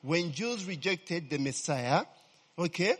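A man's voice: fairly high pitch, animated, takes it slowly, a bit bright, husky, big-room sound. A man preaching a humorous, conversational sermon, constantly checking in with "eh?" and "okay?" and answering his own questions. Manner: peppers talk with "eh?" and "okay?" checks to the congregation.

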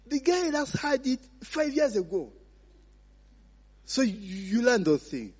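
A man's voice: very high-pitched, very animated, moderate pace, darkish tone, breathy edge. A man with a Ugandan accent preaching a sermon, asking the congregation to finish his sentences and mixing in Luganda phrases. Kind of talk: sermon with call-and-response questions. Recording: long reverb of a large hall.

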